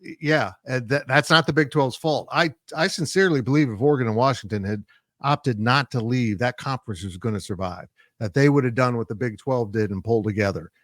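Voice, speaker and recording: Man talking college sports, measured and analytical, mid pitch, dry close sound. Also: fairly bright tone, no echo. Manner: measured, analytical, frequent fillers. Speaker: sports site publisher and analyst. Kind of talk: sports talk discussion.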